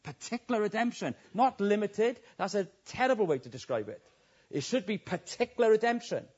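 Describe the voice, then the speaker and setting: A man's voice: expressive, a little fast, a little mellow, slightly rough, highs cut off. A man preaching a passionate sermon, his voice swelling and dropping. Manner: impassioned, rising and falling in pitch and volume.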